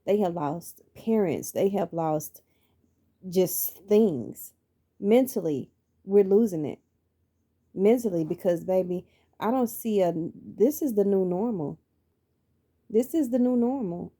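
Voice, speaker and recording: Woman, middle-aged, personal motivational monologue, repeats lines for emphasis, mellow tone. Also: medium pitch, expressive, takes it slowly, pauses often. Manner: earnest, preacherly, repeats phrases for emphasis. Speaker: vlogger sharing her life story.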